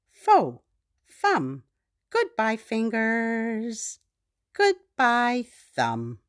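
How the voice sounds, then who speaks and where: A woman leads a children's phonics lesson in a slow, playful sing-song voice. Her pitch sits a little high and leaps up and down with lively swings. Every word is drawn out and exaggerated for little listeners. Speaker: preschool phonics host.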